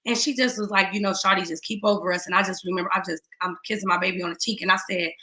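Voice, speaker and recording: A middle-aged woman tells her own loss as testimony, and her bright, edged voice carries across the space. She moves between hushed, near-whispered pain and sudden loud bursts, and the room lends a noticeable echo. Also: on the low side, fairly even intonation, racing. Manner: raw, tearful retelling with rising outbursts and hushed moments. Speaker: guest speaker. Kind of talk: emotional personal testimony.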